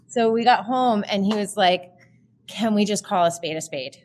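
A woman's voice: medium pitch, normal speed. A woman in her thirties telling her personal story as a podcast guest, chatty and emotional, with many fillers.

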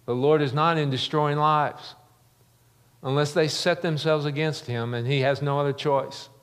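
A man's voice: fairly high pitch, fairly even intonation, normal speed, fairly bright tone, clear, resonant tone. Middle-aged preacher guy, earnest, repeats lines for punch, long echo of a big church hall. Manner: earnest preaching with rising emphasis and repeated phrases. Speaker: pastor. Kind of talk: sermon. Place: church sanctuary.

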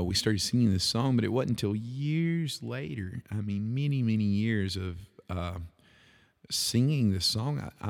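A man with a low, gravelly voice shares his faith in a relaxed podcast talk. He speaks earnestly, circling back with fillers and restarts as he thinks aloud. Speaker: podcast host and worship leader. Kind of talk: casual devotional talk.

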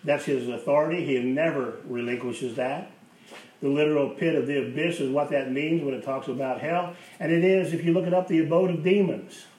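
A man's voice: a little high, brisk, darkish tone. A man preaching a sermon as pastor, emphatic, repeating key phrases for effect. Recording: roomy, distant mic with faint hiss.

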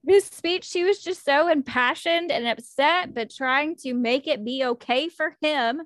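Female co-host, emotional book chat, bright higher voice, very dry. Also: unhurried, dry recording. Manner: emotional, gushing retelling. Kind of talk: casual book discussion.

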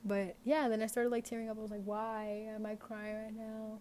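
A woman's voice: fairly high pitch, flat delivery, normal speed, dark tone, a little hiss or hum. A young woman hosting an unscripted podcast, talking casually and rambling with many fillers. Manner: rambling, lots of "like" fillers, candid. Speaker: podcast host.

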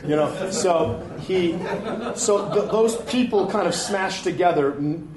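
Animated man telling stories in an echoey room. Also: fairly high pitch, normal speed, crowd noise. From Detroit, USA. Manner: animated storytelling with frequent restarts and laughs. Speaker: actor and comedian, interview guest. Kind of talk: candid conversational interview. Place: live interview before an audience. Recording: echoey room, faint ambient noise.

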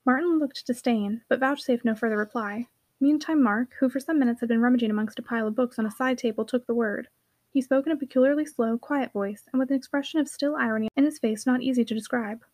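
A woman reading a classic novel aloud as audiobook narrator in a clear, even storytelling voice. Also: a little high, fast talker, dry recording.

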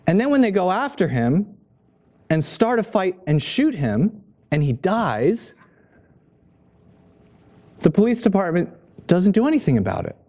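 Male pastor, sermon delivery: emphatic, warm, mellow, very animated pitch. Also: unhurried, pauses often. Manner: passionate, emphatic, pitch swinging up for stress.

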